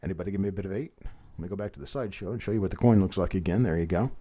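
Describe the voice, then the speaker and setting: Rapid-fire and warm, a low male voice cycles through bid after bid at a live online coin auction. Between calls, he chats amiably with the bidders.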